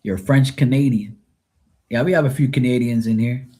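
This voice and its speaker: A Bermudian man with a warm, medium-pitched voice talks at a moderate pace, rambling casually to the viewers of his live tarot stream.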